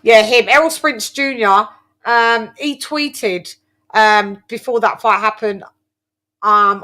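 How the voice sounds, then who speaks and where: A woman hosts a casual boxing chat with a bright, ringing voice pitched a little high. She talks in an animated, playfully over-the-top way, tripping over her words and restarting often. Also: takes it slowly. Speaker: boxing show host.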